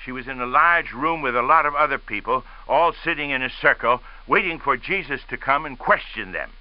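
A man's voice: medium pitch, animated, muffled recording. Earnest male radio preacher. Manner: measured, earnest storytelling. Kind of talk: radio sermon.

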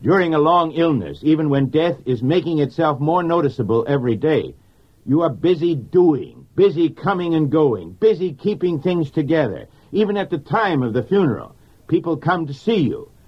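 A man's voice: a little high, very animated, normal speed, slightly rough. A man preaching a sermon on grief, speaking earnestly and directly to the listener like a pastor. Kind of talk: radio sermon. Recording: dull lo-fi recording.

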